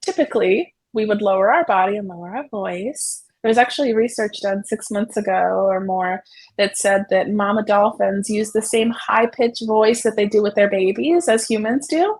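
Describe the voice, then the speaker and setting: A woman psychotherapist, a guest on the show, explaining an idea through a vivid, expressive story told in a conversational way. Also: mid-range voice, normal speed, poor audio. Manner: vivid, expressive storyteller who paints scenes for the listener.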